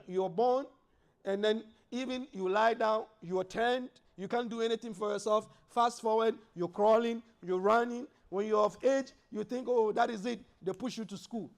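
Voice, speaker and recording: Brief: male preacher with a high-pitched voice, mosque sermon, builds emphasis and recites Arabic. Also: normal speed. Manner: preaches with rising emphasis and quoted Arabic verses. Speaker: imam.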